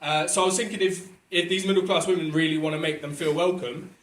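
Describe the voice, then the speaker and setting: A young English man doing a stand-up set, talking in a halting, filler-heavy way with dry asides. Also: a little high, fairly even intonation. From England. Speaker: stand-up comedian. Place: small comedy club with live audience. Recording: echoey room, far mic, loud crowd noise. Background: audience laughter.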